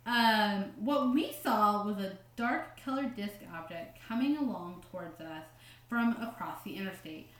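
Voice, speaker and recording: A woman's voice: medium pitch, lively intonation, measured pace, roomy sound. A woman co-hosting a casual podcast, reading quotes aloud with joking asides and frequent laughs. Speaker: podcast co-host.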